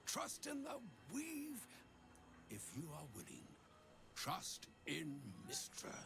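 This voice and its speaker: An ancient male wizard from a video game, a cryptic mentor with a gravelly, unhurried voice. His pitch sits a little high and swoops widely as he counsels, while clear game music plays underneath. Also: wildly swooping pitch, full character voice. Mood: solemn counsel. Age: older. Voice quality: gravelly, measured. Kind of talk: game voice acting.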